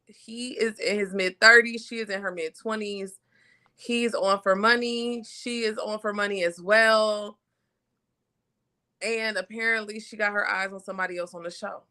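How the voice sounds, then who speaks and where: A woman co-hosting a live reality show review, talking in a blunt, sassy, animated way. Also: medium pitch, moderate pace. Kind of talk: casual live-stream chat.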